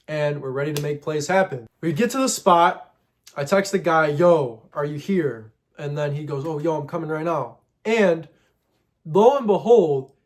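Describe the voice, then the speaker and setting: Slangy young man telling a storytime. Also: on the high side. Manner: casual slang-heavy storytelling, mocks himself. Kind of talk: storytime vlog.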